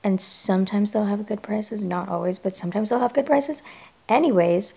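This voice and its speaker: A woman's voice: medium pitch, moderate pace, gravelly, darkish tone, echoey room. A young woman in her twenties vlogging in casual, frank chat to camera, with lots of "like". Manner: chatty, frank, says "like" often.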